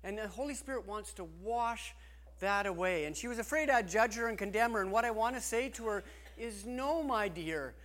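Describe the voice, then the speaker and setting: A man's voice: sits high, fairly quick, a bit bright. A man preaching a sermon as pastor, talking earnestly and conversationally, often restarting his sentences.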